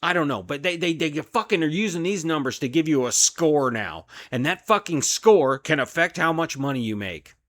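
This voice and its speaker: A man's voice: on the high side, expressive, normal speed, few pauses, fairly bright tone, dry recording. A man, a delivery driver, venting in an angry, profane solo rant about his job. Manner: profane, heated, frustrated.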